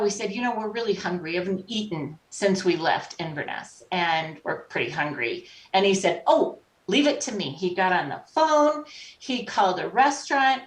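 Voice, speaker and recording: On a podcast, a female guest who is a life coach spins animated, chatty stories, mimicking the voices of people she encountered. Her pitch sits in the medium range. The recording is echoey and roomy, as if she's far from the microphone.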